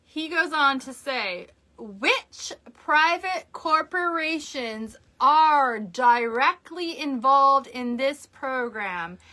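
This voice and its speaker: A woman co-hosting a casual podcast, reading hearing quotes aloud with animated asides. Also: sits high, drawn-out words, few pauses. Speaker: podcast co-host.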